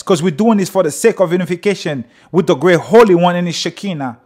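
High-voiced man teaching and reciting prayer. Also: fast, hardly any pauses, darkish tone. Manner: reads prayer lines then explains them, emphatic. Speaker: religious teacher. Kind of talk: sermon with read-aloud prayer.

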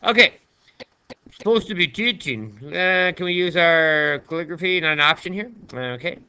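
Man, math teacher, bright crisp voice, chatty, playful asides, slightly high. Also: animated, normal speed. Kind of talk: screen-recorded math lesson.

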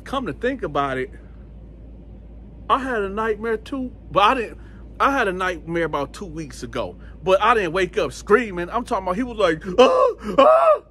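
A man telling a story casually to camera, lively and acting out other people's voices. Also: sits high, moderate pace, husky. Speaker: channel host telling prison stories.

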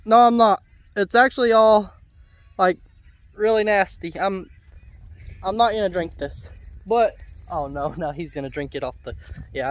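A man vlogging outdoors on his homestead, chatting with his animals and scolding and coaxing them by name. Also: high voice. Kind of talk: casual vlog talking to farm animals. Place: outdoors on a farm.

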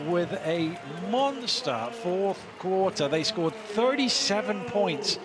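A man doing play-by-play commentary on a basketball game, calling the action with quick excitement. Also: high-pitched, a crowd in the background. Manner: excited, fast calls of the action. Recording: loud arena noise behind.

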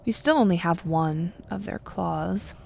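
Slow-talking gravelly woman game streamer. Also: lowish voice, darkish tone, a little hiss or hum. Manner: chatty, wry, drops to a murmur. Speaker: gameplay video host. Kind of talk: casual let's-play commentary.

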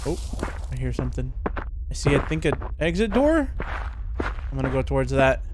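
A man giving chatty, excitable commentary while playing a horror game, reacting out loud as he goes. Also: medium pitch, moderate pace, background noise. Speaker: gaming YouTuber.

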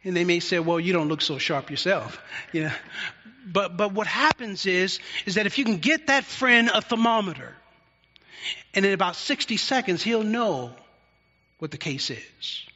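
A man preaching an expository sermon as pastor, deliberate and emphatic, stretching out key words. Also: high-pitched, lively intonation, sharp tone. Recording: dull lo-fi sound with long hall reverb.

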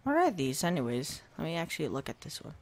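A gaming video host giving casual let's-play commentary into a desk microphone at a home setup, chatting to viewers and reacting out loud to jump scares. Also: medium pitch, big pitch swings, fast talker. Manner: talks to the viewers and to himself while playing.

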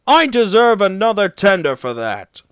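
A man's voice: high voice, big pitch swings, moderate pace, fairly bright tone, smooth, no echo, studio quality, pitched above the performer's own voice. A man voicing a vain, jealous male steam engine who sounds boastful and indignant.

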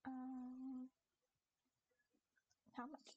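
A woman's voice: on the high side, normal speed, a little mellow, rough recording. A young woman streaming a game, chatting casually with viewers, rambling into giggly stories.

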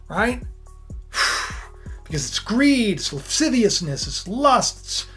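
A man's voice: high voice, very animated, slow pace, long pauses, a bit bright, husky, soft background music. A man preaching in a casual, conversational style, retelling a scripture story with frequent fillers and restarts. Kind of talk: casual biblical storytelling sermon.

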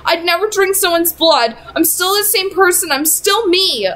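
A woman reading aloud and voicing a teenage boy vampire who talks earnestly and, when soothing, softly and low. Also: moderate pace, slight background noise.

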